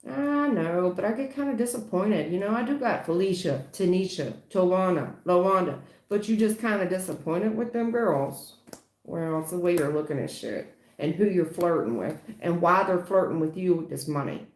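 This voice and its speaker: A woman's voice: fairly low pitch, expressive, moderate pace, darkish tone. Blunt tarot reader woman, echoey room. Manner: blunt, emphatic, swears casually. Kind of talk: livestream tarot reading.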